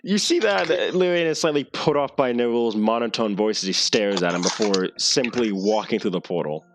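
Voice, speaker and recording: A man's voice: fairly low pitch, normal speed, background noise. A man narrating as game master of an online tabletop game, often stopping and restarting his sentences.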